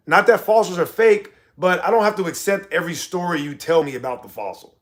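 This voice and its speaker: A man's voice: high voice, a bit bright. A man hosting a casual livestream, reading chat comments and answering them in an argumentative, mocking way. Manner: argumentative, mocking, drawn-out emphasis.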